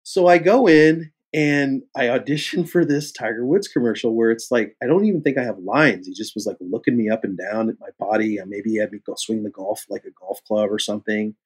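A man from Kansas City, an actor guest on an interview show, telling animated stories and acting out the dialogue with big swings in his voice. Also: lowish voice, a little fast, few pauses, slightly rough. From Kansas City, USA. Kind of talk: casual interview storytelling.

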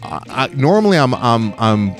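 A man's voice: medium pitch, moderate pace, faint music behind. A man from the Los Angeles area, hosting a podcast and telling a story in casual chat, full of fillers like "like" and "uh". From Los Angeles area, California. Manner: animated storyteller with many fillers. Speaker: podcast host.

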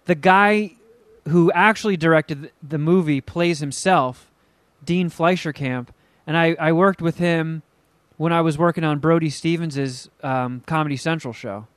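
A man's voice: fairly high pitch, measured pace, no room sound. A man in casual podcast chat, teasing with crude jokes and telling rambling stories.

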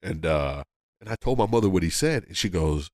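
A man with a low voice tells a story in a loose, casual way. He jumps into the voices of the people he quotes. The sound is dry and close, with no room echo. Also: quick pace. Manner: animated, acts out quotes with big pitch jumps. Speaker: comedian guest.

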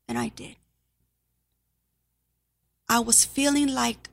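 A woman who is a nurse giving an emotional personal testimony to an audience, halting and sometimes dropping to a near whisper. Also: on the high side, steady tone, vocal fry, fairly bright tone. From Spanish-speaking background.

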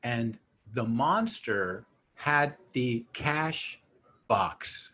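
A man's voice: mid-range voice, extremely slow, husky. A man co-hosting a podcast, chatting casually about a film and acting out its characters. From Mexican-American. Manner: animated, acts out film characters. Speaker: podcast co-host. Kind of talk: casual movie chat.

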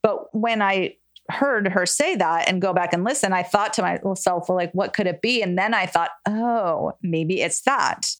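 A woman co-hosting a casual chat, chatty and quick with short agreements. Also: mid-range voice. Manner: chatty, backchannels often. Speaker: podcast co-host.

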